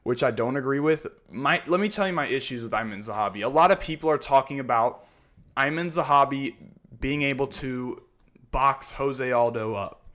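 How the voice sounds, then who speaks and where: Brief: male host, casual fight picks, heated rant-prone delivery, mid-pitch voice. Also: moderate pace, fairly bright tone. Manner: heated, ranting, repeats "man" and "you know what I mean". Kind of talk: casual fight breakdown monologue.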